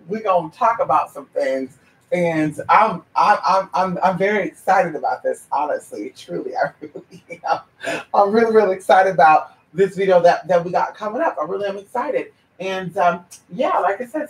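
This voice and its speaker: A sassy, teasing vlogger chatting casually to camera and calling everyone honey, now and then stretching words out slowly like a chant. The voice sits a bit back from the mic in a room with a clear echo. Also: male voice, high-pitched, far from the mic.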